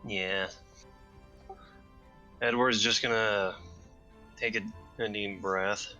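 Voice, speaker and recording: A man with a very bright, sharp-edged voice and a fairly low pitch, playing his character in a tabletop game. He sounds relaxed and thinks aloud, filling pauses as he works out his move. Faint music plays in the background. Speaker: player.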